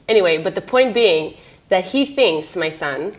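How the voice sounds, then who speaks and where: A woman's voice: on the low side, lively intonation, moderate pace. A woman in her thirties telling candid personal stories in an interview, rambling and laughing often. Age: 30s.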